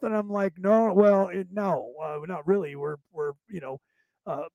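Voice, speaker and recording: A man from central California with a Southern drawl and Boston touches, hosting a podcast in fast, rambling casual talk full of fillers. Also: high-pitched, fairly even intonation, vocal fry, dark tone, no echo, dull audio. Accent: American with Southern drawl and Boston touches. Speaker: podcast host.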